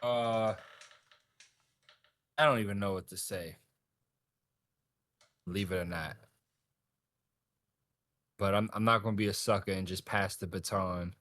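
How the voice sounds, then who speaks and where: A man's voice: on the low side, fairly even intonation, a little slow, long pauses, fairly bright tone, no room sound. A man co-hosting a podcast, sharing his thoughts with wry quips and loose rambling. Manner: wry one-liners, then rambling opinions. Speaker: podcast co-host. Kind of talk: casual podcast chat.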